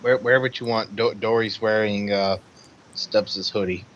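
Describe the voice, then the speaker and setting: A man's voice: lowish voice, steady tone, normal speed, highs cut off, a little hiss or hum. A man playing a tabletop role-play game, stammering and repeating words. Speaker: player.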